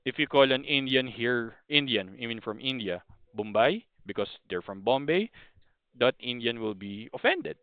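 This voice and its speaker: A man's voice: mid-range voice, expressive, normal speed, smooth, no room sound. Filipino man rambling on a thin, phone-like line. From Philippines. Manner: rambling, frequent restarts and apologies. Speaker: podcast host. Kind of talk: casual opinion monologue.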